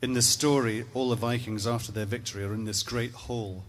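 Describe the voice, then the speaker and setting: A man's voice: medium pitch, steady tone, a little fast, slight background noise. A Scottish man telling a comic story in a wry, rambling way, with profane asides. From Scotland.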